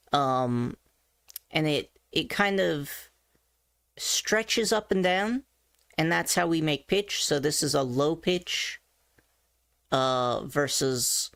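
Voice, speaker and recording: A woman's voice: deep voice, no echo, studio quality. A woman casually teaching voice training, thinking aloud with asides and self-corrections as she explains. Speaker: voice coach. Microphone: desk mic on a face-tracked avatar setup.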